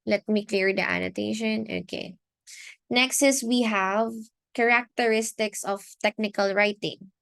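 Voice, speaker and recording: A woman teacher with a Filipino accent giving a recorded lesson, speaking in a measured way and often repeating or restarting phrases. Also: medium pitch, steady tone, gravelly, fairly bright tone, no echo. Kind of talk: recorded online lecture.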